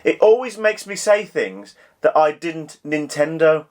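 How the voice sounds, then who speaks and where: A man co-hosting a relaxed chat, his voice rising and falling a lot as he teases and jokes. He keeps the talk playful and light. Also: a little high, unhurried. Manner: teasing, jokey and playful. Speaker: co-host. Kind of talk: casual podcast chat.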